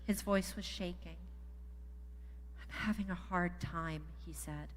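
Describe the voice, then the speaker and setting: A woman reading a gentle story aloud in a church service, softly repeating a calm refrain. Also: on the low side, slow pace, a little hiss or hum. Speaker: story reader in worship service. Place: church sanctuary. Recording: echoey sanctuary with long reverb.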